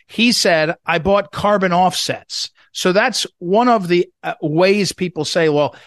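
A man's voice: sits high, a little slow, a bit bright, no echo, clean studio sound. A man hosting a talk radio show, rambling with many fillers and restarts as he interviews a guest.

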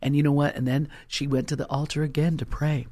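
A man's voice: fairly high pitch, flat delivery, a little fast, mellow, dry recording. A male pastor preaching an impassioned sermon and telling stories to his congregation.

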